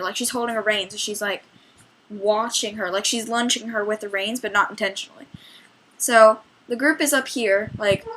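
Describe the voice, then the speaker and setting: Quoting plenty of back-and-forth, a young trail guide gives a chatty, rambling account of a trail ride for her storytelling vlog. She speaks in a bright, forceful mid-range voice over poor audio.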